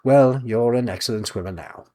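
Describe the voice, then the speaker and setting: A man voicing a brisk, wry older witch with a dry, breezy and decisive way of talking. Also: medium pitch, dark tone, lightly acted.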